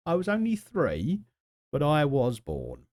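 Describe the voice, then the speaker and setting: A man streams a football management game, chatting and joking casually with viewers and reacting to both the chat and the match. His voice is fairly high, and the recording is clean studio sound with no room echo.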